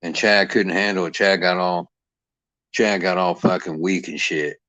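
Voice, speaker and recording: A cantankerous middle-aged man delivers a profane, mocking rant as a boxing commentator. His voice sits low and the sound is dry and close, with no room around it. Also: steady tone, normal speed, pushed and bright, no room sound. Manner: cantankerous, foul-mouthed, mocking.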